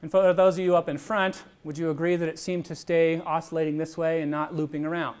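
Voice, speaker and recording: A man's voice: fairly high pitch, little pitch movement, brisk, a little mellow. A middle-aged man lecturing on physics in a lecture hall, explaining step by step in a conversational way with little asides. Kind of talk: university lecture with live demonstration.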